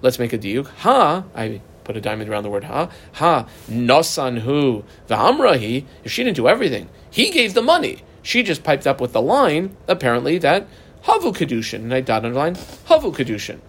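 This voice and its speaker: A man teaching a Talmud passage line by line, animated and jumping up in pitch for emphasis. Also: normal speed, slightly rough. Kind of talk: explaining a text line by line.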